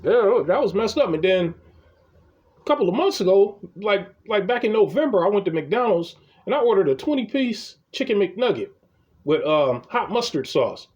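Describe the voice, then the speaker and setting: Speaking at a moderate pace, he has a high voice with a darkish tone and lively inflection, captured on dull audio. A comedy vlogger, he rants casually through comic tales, cursing and stumbling on repeated words at the start of lines.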